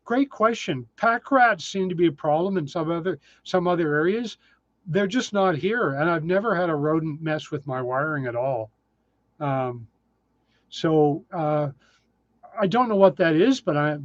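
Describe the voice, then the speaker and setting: A man's voice: on the high side, no echo, dull audio. A man in his sixties, casually chatting on a livestream and answering viewer comments in a self-deprecating way. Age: 60s. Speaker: livestream host. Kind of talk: casual live chat reading comments.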